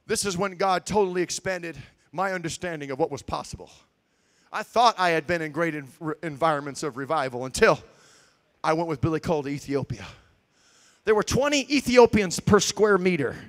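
A man preaching a sermon, telling stories with swings between shouts and quiet asides. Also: high voice, a little fast, long pauses. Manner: shouting, animated storytelling with swings from loud to quiet.

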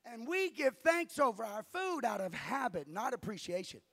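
A man pastor preaching a sermon to his congregation in a church, shouting at the peaks and dropping to a quiet, conversational storytelling voice in between. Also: extremely high pitch, lively intonation, normal speed, creaky.

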